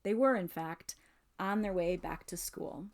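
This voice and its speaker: A woman reading a children's novel aloud in measured, expressive narration. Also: fairly low pitch. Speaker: reader. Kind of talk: storybook read-aloud.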